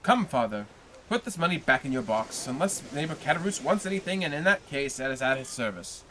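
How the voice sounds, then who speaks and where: A man reading aloud, voicing an earnest, warm-hearted young sailor who speaks eagerly and emphatically. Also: a little high, big pitch swings, fairly quick, a little hiss or hum.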